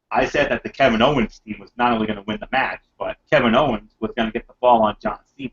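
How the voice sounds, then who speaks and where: A man's voice: on the low side, quick pace, hardly any pauses, husky. Rambling man recapping wrestling, muffled audio. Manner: rambling, filler-heavy, enthusiastic. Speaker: podcast host reviewing wrestling. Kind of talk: casual wrestling recap chat.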